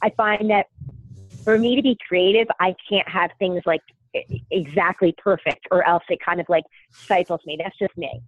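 A woman's voice: fairly low pitch, steady tone, moderate pace. A woman hosting a podcast, chatting casually and self-deprecatingly with lots of fillers over a remote call. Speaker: podcast host. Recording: thin phone-like call audio.

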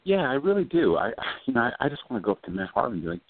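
A man's voice: medium pitch, big pitch swings, racing, no room sound. A man co-hosting a casual sports talk show who speaks bluntly and uses slang. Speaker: podcast co-host. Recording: tinny phone-line sound, dry.

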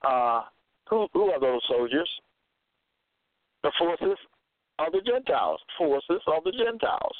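A man's voice: fairly high pitch, sing-song, measured pace, long pauses, no echo. A man reading scripture verses aloud and then interpreting them, repeating key phrases for emphasis. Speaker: self-styled religious teacher. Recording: thin phone-like dry sound.

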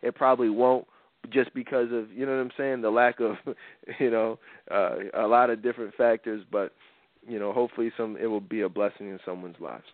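A man's voice: medium pitch, fairly even intonation, brisk, no room sound. A man hosting a talk show, giving blunt, rambling opinions in casual commentary and often repeating his words. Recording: tinny phone-like audio.

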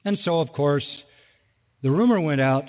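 A man preaching a sermon with lively delivery who acts out the people he quotes, recorded in a large hall. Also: on the high side, moderate pace. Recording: phone-like sound with long hall reverb.

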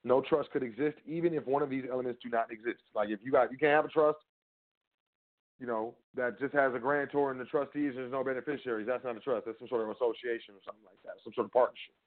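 Here a trust law educator rambles through a casual lecture in a steady, mid-range voice, talking quickly. He answers his own questions and speaks directly to whoever's listening. The sound is thin and narrow, like a phone call.

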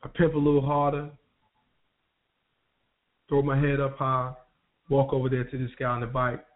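A man on a radio show telling his life story in a relaxed, conversational way, using street slang and often restarting his sentences. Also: mid-range voice, normal speed. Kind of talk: personal storytelling. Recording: tinny phone line.

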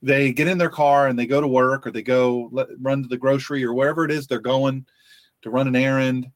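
A man hosting a faith-based podcast, talking earnestly with frequent restarts and pauses. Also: medium pitch, fairly even intonation, no echo. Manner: earnest, halting with many restarts. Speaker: podcast host.

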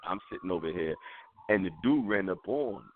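A man's voice: deep voice, lively intonation, fairly quick, a little hiss or hum. A man co-hosting a call-in talk show, blunt and repetitive, talking in street slang. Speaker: co-host. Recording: tinny phone line.

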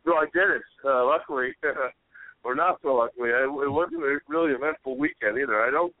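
A young man co-hosting a podcast, telling rambling stories in an animated way and yelling the quoted lines. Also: medium pitch, brisk, no room sound. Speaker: podcast co-host. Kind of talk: casual storytelling chat. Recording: dry, tinny phone-like audio.

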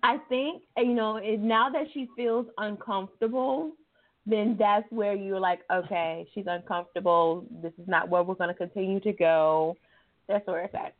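A woman's voice: mid-range voice, normal speed, no echo. A woman co-hosting a casual talk show, laughing often and talking over the others. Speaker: co-host. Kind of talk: casual chat. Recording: tinny phone-like sound.

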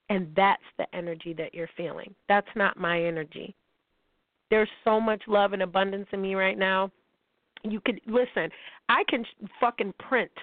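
A woman's voice: medium pitch, no room sound. Blunt profane woman, tinny phone sound. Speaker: podcast host. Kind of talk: emotional monologue.

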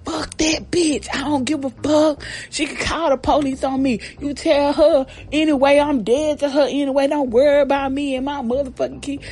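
A woman's voice: on the high side, animated, normal speed, slightly rough. A woman voicing her blunt, foul-mouthed younger sister, defiant and unbothered. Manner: blunt and profane.

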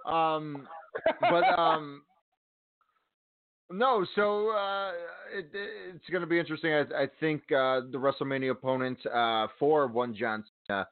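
A man's voice: on the high side, a little slow, dry recording. A man co-hosting a sports radio show, talking wrestling in a rambling way with many ums and uhs. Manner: rambling, many fillers and restarts. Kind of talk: casual wrestling talk. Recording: tinny phone-line sound.

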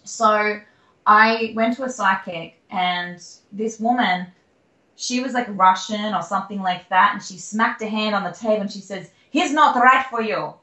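A woman's voice: medium pitch, steady tone, moderate pace, bright, forceful tone. A young Australian woman telling her personal story candidly as an interview guest, rambling with fillers and restarts. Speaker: guest, singer-songwriter. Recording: echoey room.

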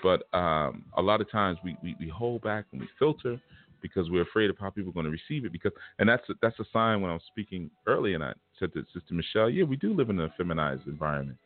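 A man's voice: low-pitched, lively intonation, fast. A man giving a casual spiritual lecture, talking in a blunt, punchy, confrontational way. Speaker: spiritual teacher. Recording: tinny phone-like sound with faint music.

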